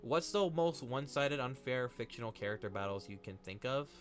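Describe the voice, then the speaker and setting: A young man chatting casually to his live-stream chat while drawing, excitable and swearing often. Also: medium pitch, fairly quick, music in the background.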